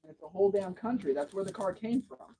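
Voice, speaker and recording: A man's voice: high-pitched, animated, fairly quick, mellow, a little hiss or hum, rough recording. A man hosting a casual livestream from home, telling long rambling stories in a chatty way. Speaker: livestream host.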